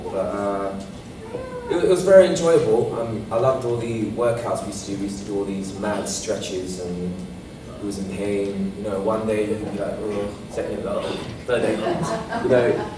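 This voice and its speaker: A man on a convention panel, answering in a relaxed, enthusiastic way. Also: lowish voice, normal speed. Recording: echoey hall from far off, noisy.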